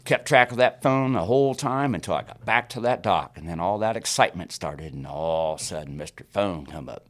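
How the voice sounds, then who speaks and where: A man's voice: low voice, fairly quick, few pauses. A man casually telling a fishing story on a podcast, acting out his own lines and laughing along. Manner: animated, acts out his own quotes, laughs through the story. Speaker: guest storyteller.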